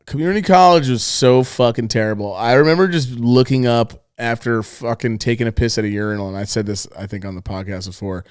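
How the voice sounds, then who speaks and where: A young man co-hosting a podcast, telling stories in a casual, profane, animated way and acting out the people in them. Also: mid-range voice, fairly quick, few pauses, clear, resonant tone, no room sound, studio quality. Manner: profane, animated storytelling with quoted voices. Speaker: podcast co-host. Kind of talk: casual chat.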